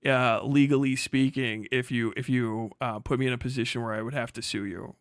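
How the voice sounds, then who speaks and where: A man's voice: medium pitch, fairly even intonation, a little fast, no echo. A young man hosting his stream, telling a story in a casual, profane way and laughing often, on a close mic. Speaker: streamer host. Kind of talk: casual reaction rant.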